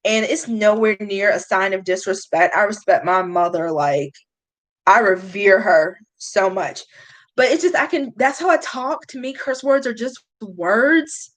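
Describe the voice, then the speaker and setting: Young woman livestreaming, super chatty and candid, jumps way up in pitch greeting viewers. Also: unhurried, rough recording. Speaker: beauty vlogger hosting a livestream. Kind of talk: casual livestream chat reading viewer comments.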